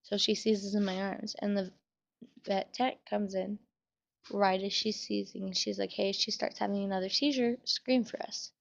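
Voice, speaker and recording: A woman's voice: mid-range voice, steady tone, normal speed, vocal fry, dull audio. A young woman telling a sad personal story in a casual vlog, swearing and using many fillers while she fights back tears. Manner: emotional, trying to hold back tears. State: tearful. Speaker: vlogger.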